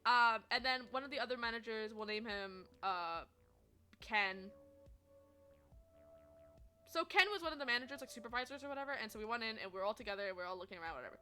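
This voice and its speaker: A young woman streamer telling stories to her chat in a chatty, animated way, swearing freely and laughing often. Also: a little high, quick pace, pauses often, smooth, soft background music. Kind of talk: casual storytelling to chat.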